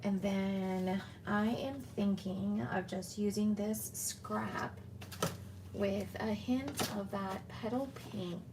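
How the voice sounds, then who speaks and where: A woman's voice: mid-range voice, noisy background. A woman chatting casually as she walks through making a handmade card, talking to herself as she works. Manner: chatty, talks to herself while working. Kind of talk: casual crafting tutorial.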